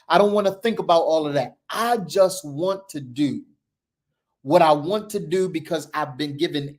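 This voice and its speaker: Man, host, slightly high-pitched voice, impassioned motivational talk, preacher-like repetition, emphatic, shifts between loud and hushed. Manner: swings between loud declarations and low hushed passages. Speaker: show host.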